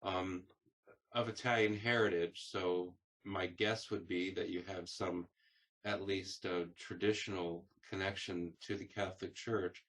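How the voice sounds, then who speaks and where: A man with a lowish voice conducts an oral history interview. He builds his questions slowly, pausing and restarting as he feels his way. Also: level tone, a bit bright. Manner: searching, hesitant questions.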